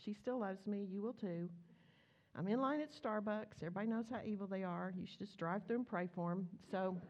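Storytelling from the pulpit, a woman keeps her sermon animated and chatty, acting out dialogue along the way. Her mid-range voice moves briskly, and the recording has its highs cut off.

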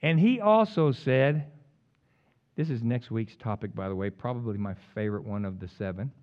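A man preaching a sermon as pastor, jumping between loud emphatic peaks and quiet, joking asides to the congregation. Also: medium pitch, moderate pace, muffled recording. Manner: humorous, teasing the congregation.

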